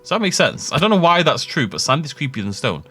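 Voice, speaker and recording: A man's voice: fairly high pitch, sing-song, quick pace, pushed and bright, breathy edge. A man giving rambling, jokey commentary while he plays a game, often laughing at his own tangents. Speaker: gaming YouTuber. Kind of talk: casual let's-play commentary.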